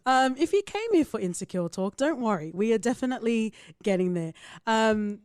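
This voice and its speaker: A woman co-hosting a podcast in casual chat, joking in a playful, crude and animated way. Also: fairly high pitch, moderate pace, clear, resonant tone, no echo, clean studio sound. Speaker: podcast co-host.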